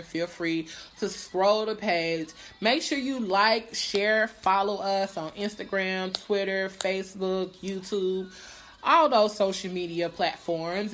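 A woman's voice: medium pitch, fairly bright tone. Brief: woman host, loose and playful, live video chat to her audience, faint music underneath. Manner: chatty, playful, swears freely, laughs often. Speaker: podcast host. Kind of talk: casual live-stream chat.

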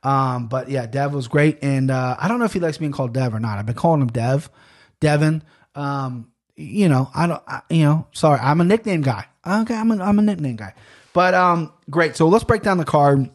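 Man, casual podcast monologue, rambling, fillers, slightly raised pitch. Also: moderate pace. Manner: rambling, chatty, frequent fillers and restarts. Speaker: podcast host. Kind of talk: casual solo podcast talk.

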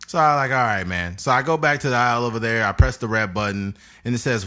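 A man's voice: mid-range voice, big pitch swings, fast, few pauses, bright, forceful tone. A man, hosting a podcast and telling a crude story in casual chat, laughing often. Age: 30s. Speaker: podcast host.

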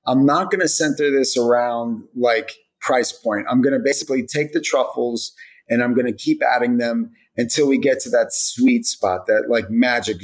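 A man's voice: mid-range voice, low-quality recording. A man chatting as a podcast guest about the product he makes, rambling with many fillers. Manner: rambling, lots of "like" and "you know" fillers. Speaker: hot sauce brand founder, guest. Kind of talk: casual podcast interview.

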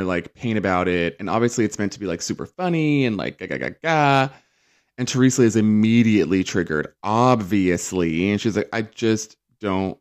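Low-voiced male recap host, casual and sarcastic, mimics quotes. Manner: chatty and sarcastic, acts out quotes in mocking voices.

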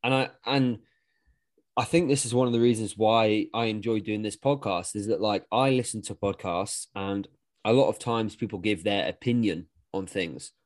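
Low-voiced man, frank and rambling. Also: normal speed. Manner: rambling, frank, swears casually. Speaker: podcast co-host and weightlifting coach. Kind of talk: casual podcast chat.

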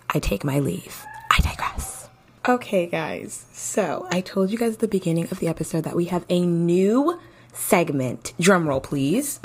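A young woman hosting a casual advice podcast, chatty and playful like a big sister, a little tired. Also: on the low side. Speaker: podcast host.

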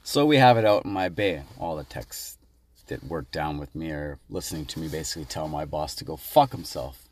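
A man from Canada calling in to tell a casual, animated story about his workplace. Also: rumbling low, brisk. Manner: animated, laughs while telling. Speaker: caller leaving a voice message.

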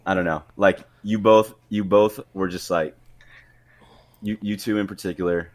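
A man's voice: deep voice, fairly even intonation, normal speed. A young man in his twenties, a coast guard officer and podcast guest, talking in a hesitant, filler-heavy, profane way. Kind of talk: casual chat.

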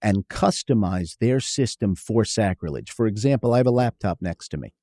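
A man as an interview guest, eagerly explaining in quick lists and acting out stories from his shop. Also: fairly low pitch, lively intonation, mellow, dry recording, clean studio sound. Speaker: guest, company founder. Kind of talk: interview conversation.

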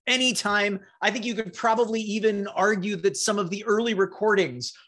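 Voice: medium pitch, fairly even intonation, moderate pace, fairly bright tone. A game master narrating a tabletop game, setting scenes in a playful, vivid way.

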